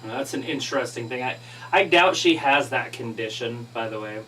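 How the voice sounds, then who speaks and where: A man's voice: mid-range voice, moderate pace, sharp tone. A man co-hosting a livestream, casually commenting on wrestling with dry, offhand remarks. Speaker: livestream co-host. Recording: distant mic with faint hum.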